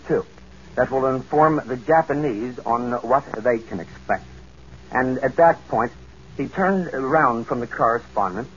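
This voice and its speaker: Male radio correspondent, formal and measured, muffled old broadcast sound. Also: medium pitch, a little hiss or hum. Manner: formal, measured reporting with occasional slips. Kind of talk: 1940s live radio news report.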